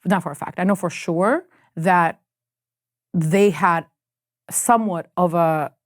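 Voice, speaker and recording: A woman music executive as a podcast guest, telling animated stories in a casual chat with quick restarts. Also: on the low side, no room sound, clean studio sound.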